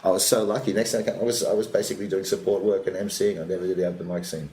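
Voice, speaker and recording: An older man with an extremely deep, low voice, telling animated stories and sometimes dropping to a muttering aside. The room is echoey and has a faint hum of ambience behind him. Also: very fast. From Australia. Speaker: comedian guest. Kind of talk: casual interview storytelling.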